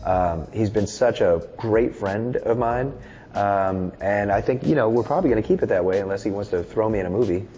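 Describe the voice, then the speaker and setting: In a casual interview, a musician and film director in his thirties speaks as a guest, loose and candid and swearing often. His voice is fairly low and mellow at a normal speed, with faint music in the background.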